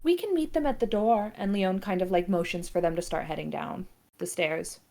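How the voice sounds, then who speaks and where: A woman's voice: lowish voice, moderate pace, gravelly, dark tone. A woman playing a tabletop game, chatting and laughing in a bubbly way. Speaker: player. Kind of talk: casual tabletop role-play.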